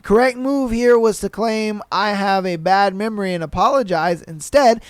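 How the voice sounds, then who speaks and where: A man hosting a podcast, telling a story in casual slangy talk, animated, laughing and swearing. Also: sits high, smooth, dry recording. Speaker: podcast host. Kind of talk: casual storytelling and reading listener posts.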